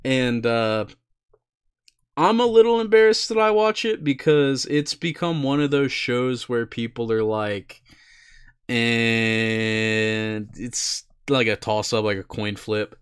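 A young man with a smooth, resonant voice, chatting loosely about shows he likes. He rambles, drops fillers and the occasional curse, and his pitch sits in an ordinary middle range. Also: slow pace. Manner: laid-back, swears casually, rambling with fillers. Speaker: podcast co-host. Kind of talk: casual chat.

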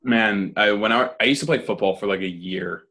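A young man telling a story in casual chat, relaxed. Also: lowish voice, brisk, vocal fry.

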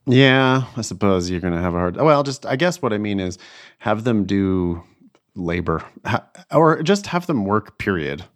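A young man with a very low voice chats easily on a podcast. He talks in a relaxed, thoughtful way and laughs often as he goes. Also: normal speed. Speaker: podcast co-host, LSAT tutor. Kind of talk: casual chat.

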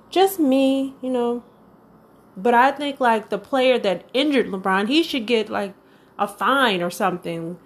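A woman hosts her own weekly commentary show, talking in a loose, opinionated ramble. Her voice sits a little high for a woman. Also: unhurried. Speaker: podcast host. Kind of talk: casual commentary rant.

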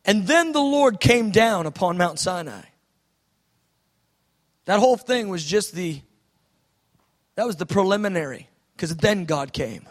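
High-voiced dramatic male preacher. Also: animated, measured pace, pauses often. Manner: dramatic, swings from shouting to hushed. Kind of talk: sermon.

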